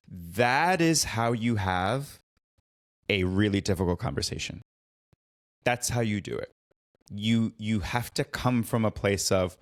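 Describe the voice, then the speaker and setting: A man's voice: medium pitch, lively intonation, unhurried, no room sound, studio quality. A man hosting a solo podcast as a therapist, recapping a show in a reflective, earnest way and repeating his key phrases.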